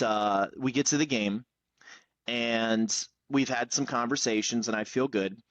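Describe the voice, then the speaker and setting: A man tells a personal story on his podcast, open and unguarded, with casual swearing. His voice sits at a middle pitch. The room sounds dry and close. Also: fairly bright tone, no echo, dull audio. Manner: candid storytelling, swears freely. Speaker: podcast host.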